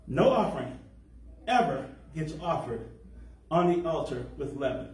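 A man's voice: on the high side, sing-song, unhurried, a little mellow. Man teaching scripture in an echoey hall. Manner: explanatory, stretches key words for emphasis. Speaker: congregation teacher. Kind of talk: sermon on scripture. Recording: echoey room, voice from far off.

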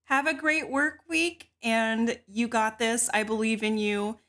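A woman's voice: fairly high pitch, steady tone, unhurried, fairly bright tone. Bubbly, giggly woman hosting a stream. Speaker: stream host. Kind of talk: casual chat, reading donations.

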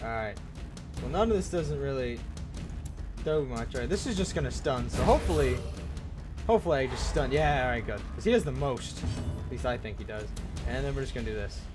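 A young man commentating on his gameplay, excitable, swearing and yelling at the game. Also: medium pitch, fairly quick, long pauses, music in the background. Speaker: gaming video host.

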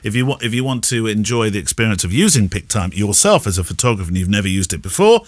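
A man's voice: lowish voice, big pitch swings, fast talker, no echo. A man from Yorkshire with a received pronunciation accent, co-hosting a casual podcast in a chatty, playful way. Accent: received pronunciation English. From Yorkshire, England. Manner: chatty, playful, laughs often. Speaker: podcast co-host.

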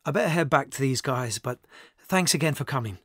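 A man's voice: mid-range voice, animated, fairly quick, fairly bright tone, husky, dry recording, studio quality. A man voicing a friendly, breezy young actor in an audiobook. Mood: upbeat. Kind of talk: audiobook character voice.

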